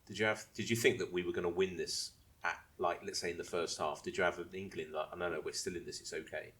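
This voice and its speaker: A man with a very low voice, talking casually on a podcast. He rambles and restarts his sentences as he explains things to the other hosts. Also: steady tone, quick pace, a bit bright. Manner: rambling, restarts and asks if he may speak. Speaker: podcast co-host. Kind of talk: casual chat.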